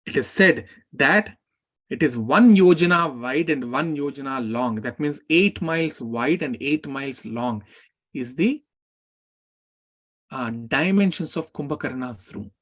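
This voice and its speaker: A man who teaches a scripture class, retelling an epic in a lively way and speaking the characters' words aloud. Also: mid-range voice, a little slow.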